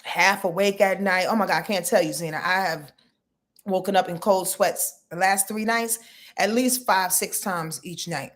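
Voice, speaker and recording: A woman's voice: lowish voice, normal speed. A woman in her fifties hosting a casual astrology livestream from her bed, sleepy and chatty, talking straight to her viewers in loose slang. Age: 50s. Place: lying in her bed at home.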